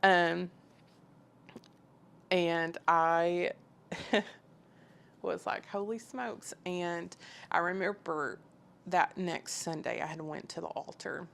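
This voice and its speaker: Gravelly low-voiced woman sharing testimony. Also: flat delivery, takes it slowly, pauses often, a bit bright, a little hiss or hum. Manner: earnest, emotional, conversational with frequent "like". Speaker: guest sharing her testimony. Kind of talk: personal faith testimony.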